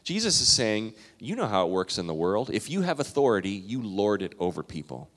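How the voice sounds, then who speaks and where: A male pastor from Minnesota and Canada delivers a sermon with a lively, wide-ranging pitch. He talks to the congregation conversationally, punching some phrases loudly and dropping others to a murmur. His voice rings with a long reverb off a large hall. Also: brisk. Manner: animated, conversational, swinging between loud emphasis and quiet asides.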